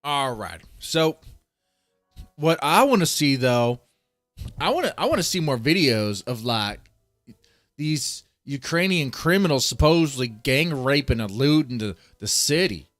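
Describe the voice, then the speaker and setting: A man's voice: medium pitch, very animated, measured pace, a bit bright, faint music behind. A man reacting to a video on a live stream, greeting chatters and ranting with heavy swearing. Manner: profane, ranting, mocking. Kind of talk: casual live-stream commentary.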